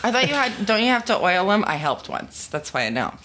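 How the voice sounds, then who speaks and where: A woman's voice: medium pitch, big pitch swings, brisk, fairly bright tone. A woman from the Seattle area, a podcast guest asking curious questions and giggling in casual banter.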